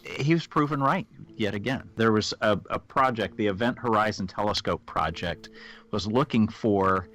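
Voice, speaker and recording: Man, lowish voice, podcast co-host, easygoing, halting, casual chat. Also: a bit bright.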